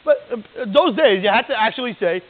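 A man giving a lively, digressive lecture as a religious teacher, often checking in with "right?". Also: very high-pitched, brisk. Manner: animated, digressive, keeps asking "right?". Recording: tinny phone-like line.

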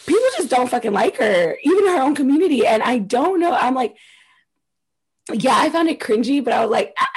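A woman's voice: high voice, expressive, a little fast, slightly rough. A young woman co-hosting a podcast in casual chat, chatty and laughing often, swearing freely. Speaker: podcast co-host.

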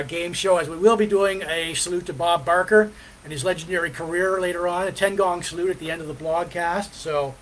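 A man hosting a casual live stream, rambling between topics with many fillers and pauses. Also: a little high, a bit bright, slight background noise, poor audio. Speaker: podcast host.

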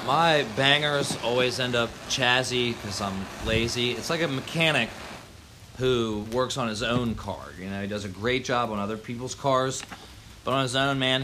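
With background noise around him, a medium-pitched man stands on his rainy front porch in Baltimore, Maryland, delivering a profane outdoor rant for his vlog. He's heated, and "man" and "yo" keep popping up.

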